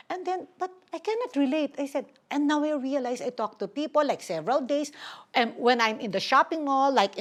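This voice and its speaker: An older woman, telling stories in an animated, chatty way as an interview guest. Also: sits high. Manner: chatty, animated storytelling with mixed English and Tagalog. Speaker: guest, vlogger. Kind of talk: casual interview chat.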